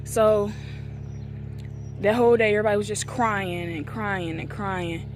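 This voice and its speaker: A woman's voice: medium pitch, a little slow, background noise. A woman in her twenties tells a painful personal story in a casual vlog, recorded outdoors near a street. She acts out the things people said to her. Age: 20s. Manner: emotional, acts out quoted dialogue. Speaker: vlogger.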